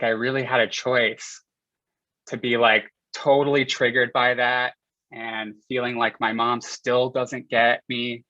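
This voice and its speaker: A man's voice: medium pitch, bright, forceful tone, no echo. A young man sharing a personal story with a community group in a candid, confessional way, speaking loosely with lots of "like" and "you know", over a video call. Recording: dull lo-fi audio.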